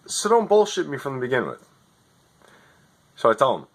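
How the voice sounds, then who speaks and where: A man telling a rant about customer service, exasperated and profane, swinging between loud outbursts and muttering. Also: fairly high pitch, big pitch swings, normal speed, pauses often. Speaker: vlogger. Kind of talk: ranting storytelling.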